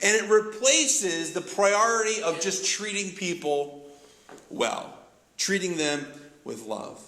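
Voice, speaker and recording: A man preaching a sermon as pastor, lively and conversational, acting out quoted voices and often restarting his phrases. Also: high-pitched, slow pace, echoey room, rough recording. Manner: animated, acts out quoted voices, many restarts.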